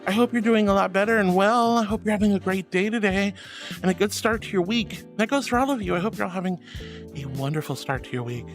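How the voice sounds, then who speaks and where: A woman's voice: mid-range voice, quick pace, soft background music. A woman streaming casually, greeting her chat in a bubbly, affectionate, giggly way. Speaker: VTuber streamer.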